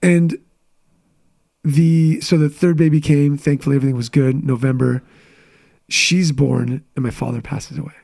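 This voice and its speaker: A man in his thirties with a gravelly, slightly raised voice tells candid stories from his life in a relaxed interview chat. He talks with quick asides and restarts as the story pours out. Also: a little high. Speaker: guest, business coach.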